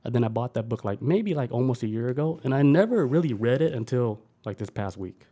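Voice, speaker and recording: A man's voice: mid-range voice, expressive, fairly quick, dark tone. A man hosting a podcast in loose, profane, enthusiastic casual chat. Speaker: podcast host.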